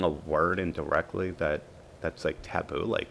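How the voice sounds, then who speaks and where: A man in his forties, a podcast guest telling a lively story and acting out what others said. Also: deep voice, normal speed, creaky, slight background noise. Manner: lively storyteller who acts out quoted dialogue. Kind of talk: storytelling interview.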